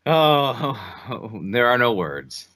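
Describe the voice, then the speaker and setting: A man co-hosting a casual political podcast, speaking in a measured, earnest way. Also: medium pitch, sing-song, pushed and bright. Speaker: podcast co-host.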